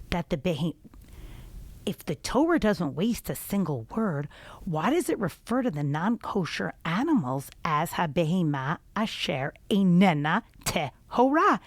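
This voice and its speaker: A woman teacher telling a children's story and giving a Torah lesson in an expressive, animated way. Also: medium pitch, dry recording.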